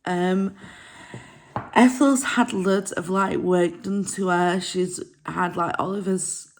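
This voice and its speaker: A woman's voice: fairly low pitch, fairly even intonation, takes it slowly, slight background noise. A woman vlogging to camera from her camper van, crying through a rambling, apologetic chat. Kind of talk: casual vlog to camera.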